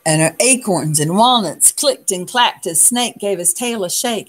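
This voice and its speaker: A woman reading a picture book aloud in a soft, unhurried way, pausing to comment on the pictures. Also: lowish voice, animated. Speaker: storyteller.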